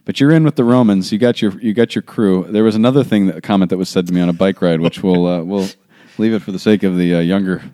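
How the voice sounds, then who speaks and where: A man hosting a casual chat, telling relaxed stories with plenty of fillers. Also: low voice, fast, dry recording, clean studio sound. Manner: relaxed, chatty storytelling with fillers. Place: in Rome, Italy.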